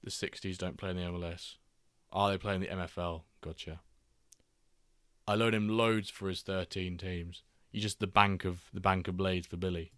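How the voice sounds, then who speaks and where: A man's voice: deep voice, steady tone, moderate pace, fairly bright tone, no room sound, studio quality. A man hosting a casual football watchalong livestream, chatting loosely, reading out viewer messages and making jokey asides. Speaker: livestream host.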